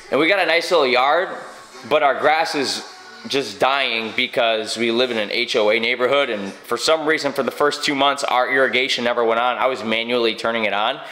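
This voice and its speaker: A man's voice: mid-range voice, pushed and bright. A young man vlogging a casual house tour, joking and rambling, talking through retainers. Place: inside a house. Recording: echoey rooms, faint noise.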